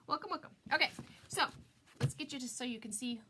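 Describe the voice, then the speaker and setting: A woman's voice: high voice, brisk, noisy background. A woman in her forties hosting a live-stream craft tutorial, chatty and giggly, greeting viewers by name. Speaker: craft product designer hosting a live demo.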